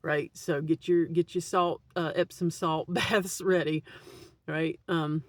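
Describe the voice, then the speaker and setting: A woman's voice: low voice, fairly even intonation, slow pace, no echo. A woman vlogger giving casual spiritual advice to camera in a blunt, swearing way, often tagging "right?" onto her sentences. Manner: blunt, swears freely, keeps adding "right?".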